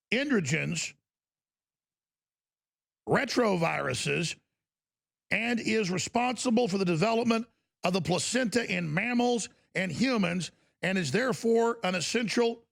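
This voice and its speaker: A man's voice: high-pitched, vocal fry, fairly bright tone. A man hosting a talk broadcast, ranting and mocking in an indignant way. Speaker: talk show host.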